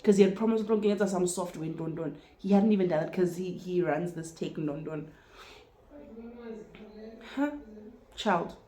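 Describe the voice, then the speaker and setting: Young South African woman, Sesotho-tinged English, casual storytime vlogger, low warm voice, roomy sound. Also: normal speed, long pauses, slight background noise. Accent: South African, Sesotho-speaking. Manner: animated, swears freely, acts out both sides of the story.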